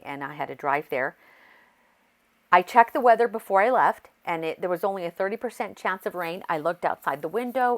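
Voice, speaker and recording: Woman, lowish voice, casual crafting vlog, excitable, rambling, restarts her sentences. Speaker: crafting vlogger. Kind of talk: casual chatty voice-over. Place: home craft desk.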